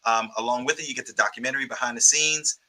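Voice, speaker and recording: A man's voice: mid-range voice, quick pace, pushed and bright, rough recording. A man guesting on an interview show, casually thanking people and plugging his work with lots of ums and restarts. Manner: rambling, grateful, many ums. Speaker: guest filmmaker.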